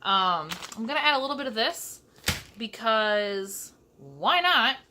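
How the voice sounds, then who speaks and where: A woman's voice: a little high, big pitch swings, measured pace, noisy background. A young woman from Michigan chatting casually through a cooking vlog in her home kitchen, with sassy asides. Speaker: vlogger.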